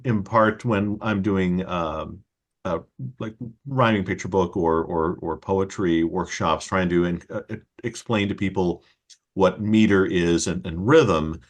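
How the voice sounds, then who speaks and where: Low-voiced man hosting a chat. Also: measured pace. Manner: explains patiently with spoken examples. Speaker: host and children's author. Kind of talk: casual conversation.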